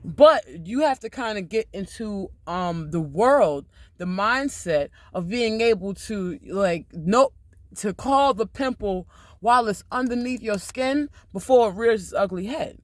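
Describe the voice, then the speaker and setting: A man hosting a casual livestream, talking loudly and emphatically with lots of swearing. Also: sits high, animated, measured pace, no room sound. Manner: loud, profane, emphatic. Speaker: livestream host.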